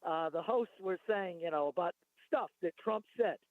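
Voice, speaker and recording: A male caller phones in to talk radio and argues his points at length, sometimes reading from notes. His voice is high. It comes through a thin phone line with a dry sound. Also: moderate pace, dry recording. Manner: rambling, argumentative, reads from notes.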